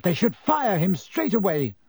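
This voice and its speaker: Storybook snob: a man voicing an indignant teen girl in tears, pitched up. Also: animated, brisk, warm tone, slightly rough, dry recording, studio quality. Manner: tearful, indignant. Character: tearful snobbish teenage girl.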